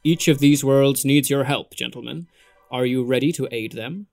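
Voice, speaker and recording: A man's voice: medium pitch, normal speed, gravelly, no room sound, close to an everyday voice. A man voicing a smug, bossy middle-aged tech CEO who talks in a pompous, self-important way. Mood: grand.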